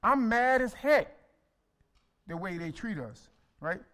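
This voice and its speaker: A male pastor delivering a sermon with a high voice and a bright, forceful tone. He preaches in a folksy, colloquial way and leans on call-and-response, asking the congregation to repeat his words and speaking to listeners by name. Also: animated, slow pace.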